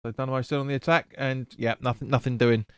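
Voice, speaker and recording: A man talks through a live football match for his stream, loose and chatty, tripping over names and swearing now and then. His voice is smooth and clear at a middling pitch. The close microphone gives a dry sound with no room around it. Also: flat delivery, fast talker, dry recording. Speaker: fan stream host. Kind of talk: live football watch-along commentary.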